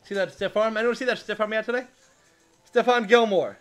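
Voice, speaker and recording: A man hosting a live card break, reading out player names and shouting with excitement over big pulls. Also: high voice, fast, clear, resonant tone, faint music behind. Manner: reads out player names one by one. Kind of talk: live card-opening stream.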